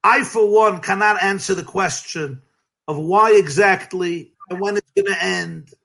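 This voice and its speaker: A rabbi being interviewed, telling stories in a lively, emphatic way, sometimes breaking into shouts, with light laughs between phrases. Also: male voice, high-pitched, a little slow, creaky. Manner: lively, emphatic, bursts into shouting and chanted cries. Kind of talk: animated storytelling in an interview.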